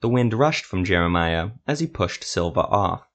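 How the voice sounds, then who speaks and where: A man narrating a fantasy story in a steady, measured storytelling voice. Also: deep voice.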